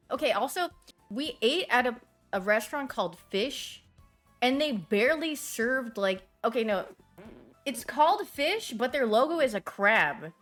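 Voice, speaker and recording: A young woman streams and chats casually with her viewers, answering them as she rambles through stories and laughs often. Her voice is fairly high-pitched and a bit bright.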